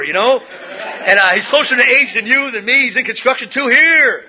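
A man's voice: sits high, expressive, fast talker, hardly any pauses, husky, dull audio. A middle-aged man sharing his recovery story at a meeting, rambling with many fillers and restarts. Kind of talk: personal recovery share. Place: meeting room.

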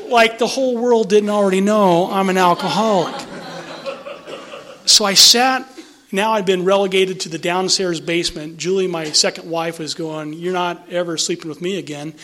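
A man's voice: high voice, normal speed, a bit bright. A middle-aged man frankly telling his own story in conversation, emphatic and swearing freely. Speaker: guest sharing recovery story. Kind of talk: personal storytelling in an interview.

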